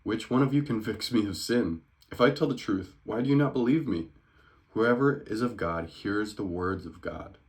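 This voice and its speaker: A calm, earnest teacher, read aloud by a man in a low, deep voice. It is a casual scripture reading, plain and unforced, and it speeds up now and then. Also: moderate pace, close to an everyday voice.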